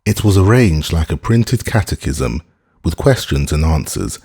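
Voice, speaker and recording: This scripted narration comes from a man whose voice is very deep and a little husky. He reads the audiobook at a measured pace with an expressive delivery.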